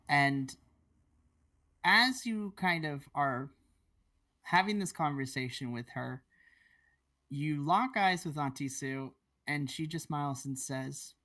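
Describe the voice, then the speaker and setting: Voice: medium pitch, fairly bright tone. A game master narrating a tabletop role-play scene in a loose, descriptive way, full of "kinda.".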